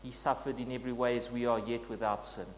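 A man's voice: mid-range voice, flat delivery, fast talker. A man preaching a sermon in an earnest way, building to emphatic scripture quotes. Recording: long reverb, faint noise with hum.

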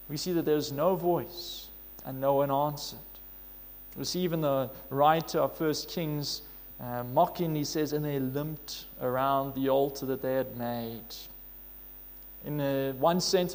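A man with a fairly high voice delivers a sermon, reading scripture aloud and then working through it. He speaks earnestly, with plenty of "uh" and restarted phrases. The sound carries a long reverb, as if from a large hall. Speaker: preacher.

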